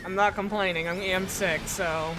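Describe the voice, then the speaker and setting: A woman's voice: lowish voice, fairly even intonation, normal speed. A young adult woman chatting casually and teasing her chat while playing a game live, laughing often. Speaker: gaming streamer.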